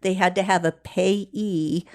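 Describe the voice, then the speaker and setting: A woman, a guest, telling a personal story slowly, deliberately and earnestly. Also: on the low side, steady tone, darkish tone.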